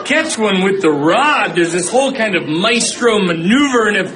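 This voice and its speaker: A man doing stand-up storytelling in an animated way, often laughing as he tells it. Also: sits high, moderate pace, crowd noise, poor audio. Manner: animated, acts out voices, laughing. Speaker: stand-up comedian. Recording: live club set with loud audience. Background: audience laughter.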